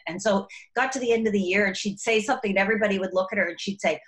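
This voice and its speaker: A middle-aged woman, an author and educator, speaking earnestly in an interview and growing animated when she tells classroom stories. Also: medium pitch, rapid-fire, hardly any pauses. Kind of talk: recorded interview.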